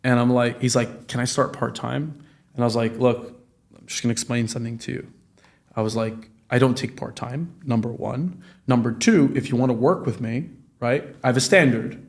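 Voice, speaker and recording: This podcast guest, a real estate business owner in his late twenties, has a mid-range voice with vocal fry and speaks at normal speed. The chat is casual, and his storytelling is animated and full of swearing, with quoted dialogue acted out.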